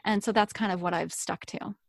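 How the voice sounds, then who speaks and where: A woman's voice: medium pitch, steady tone, a little fast, creaky, no room sound. Woman, podcast guest, chatty, laughs a lot, dry close sound. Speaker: guest, accent impressionist. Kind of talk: casual podcast conversation.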